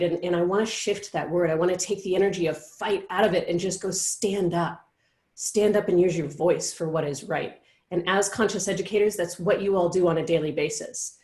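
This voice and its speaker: A woman hosting a casual live show, chatting encouragingly with frequent pauses and "um"s. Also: lowish voice, steady tone, a little mellow, echoey room. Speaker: host.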